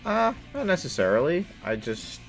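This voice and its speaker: Casting: lively male gamer co-host, expressive swings in pitch, jokey and profane, game music underneath. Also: moderate pace, vocal fry, breathy edge. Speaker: let's play co-host. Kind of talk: casual gameplay commentary.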